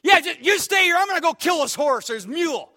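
A man voicing a furious man who rants and shouts while telling a story in a sermon. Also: very high-pitched, lively intonation, quick pace, pitched above the performer's own voice, full character voice. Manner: loud, ranting, fake-angry.

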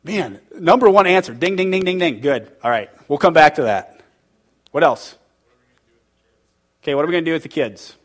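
This man's voice sits on the high side and is expressive, moving at a normal pace with frequent pauses. Teaching a church group informally, he questions the audience, presses his points hard, and grows heated and emotional.

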